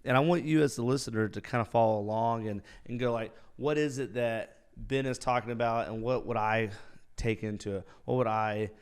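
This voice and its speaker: A man's voice: medium pitch, a little fast, smooth. Chatty man hosting a podcast. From Dahlonega, Georgia, US. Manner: rambling, chatty storytelling with filler words. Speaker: podcast host. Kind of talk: casual solo podcast chat.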